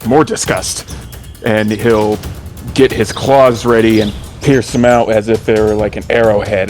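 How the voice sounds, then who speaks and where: A man playing a tabletop game, loosely narrating his character's actions with fillers and hesitations. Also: on the low side. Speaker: player. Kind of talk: casual tabletop role-play.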